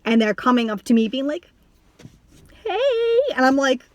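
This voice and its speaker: A woman's voice: a little high, quick pace, dry recording. A young woman vlogging casually to camera, rambling with lots of "like", restarts and swearing, breaking into laughter at times. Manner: animated with bursts of laughter.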